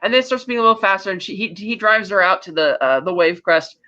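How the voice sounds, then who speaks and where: A man co-hosting a podcast, casually recapping a film's plot with animated storytelling and frequent restarts. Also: high voice, quick pace. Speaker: podcast co-host. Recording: slightly muffled lo-fi audio.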